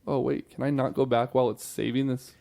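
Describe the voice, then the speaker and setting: A man hosting a casual sports podcast, swearing and muttering to himself while running the recording software. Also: mid-range voice, fairly even intonation, a little fast, gravelly. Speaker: podcast host.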